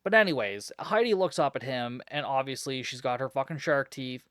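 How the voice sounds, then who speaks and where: A man's voice: mid-range voice, fairly quick, a bit bright, clean tone, dry recording, studio quality. A man hosting a podcast, recapping a film in a casual, sarcastic and exasperated way, swearing constantly. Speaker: podcast host reviewing a film. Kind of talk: casual profane movie recap.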